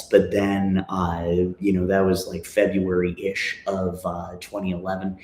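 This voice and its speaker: A man's voice: low voice, steady tone, darkish tone. A man in his thirties from Minnesota, chatting casually between songs on his livestream and often stopping on fillers. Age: 30s. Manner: halting, full of "uh" and "you know" fillers. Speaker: musician hosting a livestream. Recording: echoey room with faint guitar.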